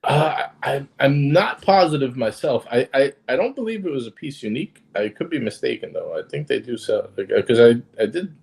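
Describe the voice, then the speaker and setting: A man's voice: mid-range voice, animated, a little fast, vocal fry, few pauses, darkish tone, slightly rough. A man chatting casually on a livestream, hesitant, with many fillers and restarts. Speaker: guest on a watch livestream.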